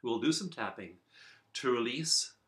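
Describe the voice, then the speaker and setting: Man, self-help teacher, bright crisp tone, earnest and measured, in his office. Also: mid-range voice, expressive. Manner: earnest, measured, with repeated emphasis. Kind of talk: recorded video lesson.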